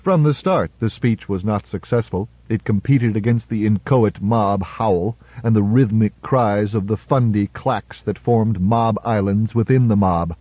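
A man narrating a story in a measured, dramatic audiobook reading. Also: on the low side, husky, dry recording. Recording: slightly muffled audiobook recording.

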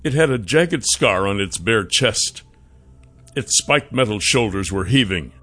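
A man narrating a fantasy audiobook in a measured, expressive storytelling manner. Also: on the low side, soft background music.

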